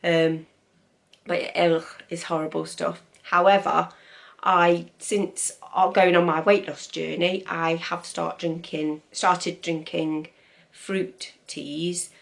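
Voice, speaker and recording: A woman's voice: on the low side, flat delivery, slow pace, gravelly. A woman with an East Midlands English accent chatting casually to camera, with lots of ums and opinionated asides. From East Midlands, England. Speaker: vlogger.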